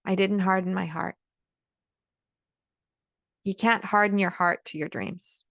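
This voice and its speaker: A woman's voice: medium pitch, fairly even intonation, unhurried, creaky, a bit bright, no room sound, studio quality. A woman speaking straight to camera in an earnest, emphatic motivational talk, often repeating words as she presses a point. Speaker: vlogger giving encouragement.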